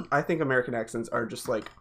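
A man's voice: medium pitch, fast talker. Rambling man with a Northeastern US accent. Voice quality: rambling, restarts with many fillers. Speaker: podcast co-host, delivery driver. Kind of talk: casual chat.

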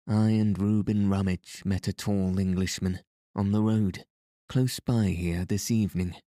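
Man plays grubby old storybook trader; rasping lisp, obsequious, dark dry voice. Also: low-pitched, fairly even intonation, a little slow, dry recording. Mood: wheedling. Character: elderly grimy male trader, humble and wheedling.

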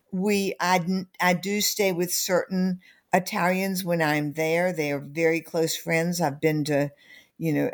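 A woman's voice: deep voice, gravelly. A middle-aged woman, an author and company founder, speaking unhurriedly in an interview with many fillers and restarts. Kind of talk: podcast interview.

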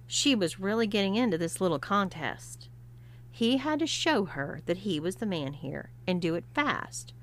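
Expressive woman storyteller. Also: lowish voice, slight background noise. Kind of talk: scripted story narration.

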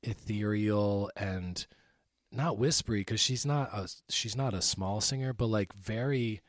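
A man co-hosting a music podcast, talking through an album pick in a relaxed, rambling way with lots of fillers. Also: on the low side, a little slow, no echo, studio quality. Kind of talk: casual music podcast chat.

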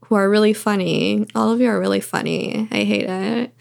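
A woman's voice: medium pitch, steady tone, normal speed, creaky. A woman hosting a podcast, signing off in a laid-back, rambling way with many fillers. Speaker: podcast host. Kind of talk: casual podcast chat.

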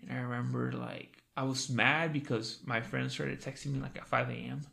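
A man's voice: mid-range voice, fairly even intonation, moderate pace, vocal fry, bright, forceful tone. A young man hosting a casual podcast, telling stories with a lot of swearing and "dude" after every few words. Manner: profane, says "dude" constantly. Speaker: podcast host. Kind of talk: casual storytelling chat.

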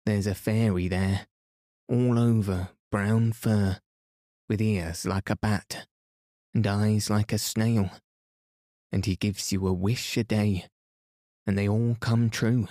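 A man's voice: fairly low pitch, fairly even intonation, slow pace, long pauses, mellow, dry recording, clean studio sound. A man reading the lines of a brave, earnest young girl speaking up defiantly.

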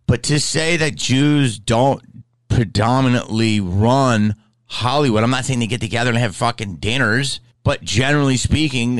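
A man's voice: medium pitch, no echo, rough recording. A middle-aged man in casual chat, rambling and profane, with many restarts.

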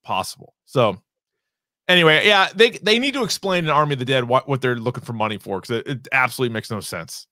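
A man's voice: mid-range voice, animated, quick pace, pushed and bright, no room sound, clean studio sound. A man co-hosting a podcast, rambling through entertainment news in casual chat and swearing now and then. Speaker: podcast co-host.

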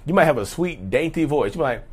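A man's voice: a little high, expressive, fairly quick, husky. A man talking casually and repetitively to viewers in an advice vlog, addressing them as y'all. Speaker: channel host.

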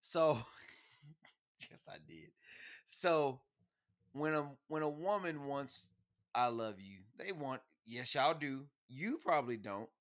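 A man's voice: on the high side, takes it slowly. Young man arguing his point. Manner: argumentative, talks over her, repeats words when cut off. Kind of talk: casual heated debate.

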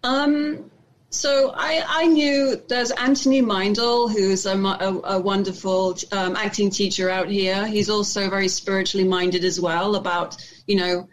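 A woman's voice: medium pitch, steady tone, rough recording. A young adult woman, an actor, talking reflectively in a casual interview, often restarting her sentences. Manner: reflective, halting with many restarts and fillers.

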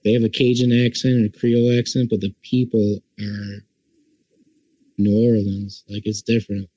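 A man's voice: lowish voice, little pitch movement, moderate pace, warm tone, no room sound, highs cut off. A man chatting casually as a podcast guest, easygoing and enthusiastic, saying "like" a lot. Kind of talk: casual chat.

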